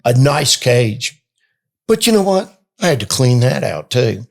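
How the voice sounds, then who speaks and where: A man's voice: medium pitch, sing-song, unhurried, gravelly. A middle-aged man, the guest and father of a host, joking and teasing in a casual podcast chat.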